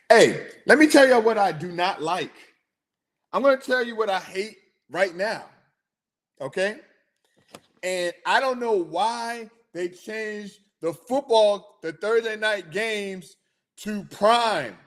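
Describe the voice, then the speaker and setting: A young man hosting a sports podcast, chatting in a rambling, animated way and answering his listeners. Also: sits high, slow pace. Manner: rambling, animated, talks to chat viewers. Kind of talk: casual chat.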